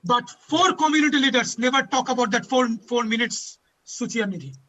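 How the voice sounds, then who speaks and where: A man's voice: extremely high pitch, lively intonation, brisk, pushed and bright. A man hosting a community panel, giving an emotional speech and repeating lines for emphasis. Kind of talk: impassioned advocacy speech. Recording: dull lo-fi audio.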